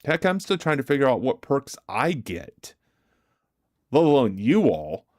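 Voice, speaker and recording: A man's voice: mid-range voice, sing-song, measured pace, darkish tone, no room sound, clean studio sound. A man hosting a livestream, chatting casually with viewers, answering their comments aloud and laughing often. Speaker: livestream host. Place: home streaming setup.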